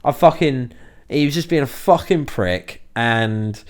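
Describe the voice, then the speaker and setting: A man's voice: mid-range voice, unhurried. A young man from around Liverpool, chatting casually on a podcast. He tells a story full of swearing and acts out the people in it. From Liverpool area, England. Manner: sweary, animated anecdote-telling with acted quotes. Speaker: podcast host.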